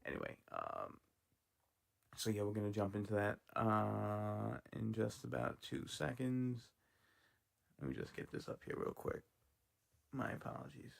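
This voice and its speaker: A man's voice: fairly low pitch, very animated, measured pace, gravelly, long pauses. A man giving casual, sarcastic, profane commentary while reacting to clips. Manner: sarcastic, swearing, laughing asides.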